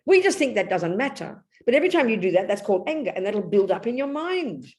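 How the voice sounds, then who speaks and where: An older woman with an English accent giving a blunt, animated Buddhist talk, telling stories and breaking into sudden loud bursts. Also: mid-range voice, fast. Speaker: Buddhist nun teacher. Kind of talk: Dharma talk.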